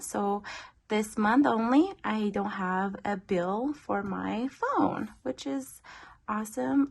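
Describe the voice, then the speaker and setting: A young pregnant woman with a gravelly, medium-pitched voice runs a budgeting vlog. A little out of breath, she chats casually through her family's monthly budget, using many fillers.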